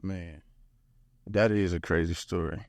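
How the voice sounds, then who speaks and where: A man with a very deep voice hosts a relaxed podcast, murmuring short replies and asking follow-ups. His voice is recorded close and dry. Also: a little slow, no echo. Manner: brief backchannels and follow-up questions. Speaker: podcast host. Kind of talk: casual interview.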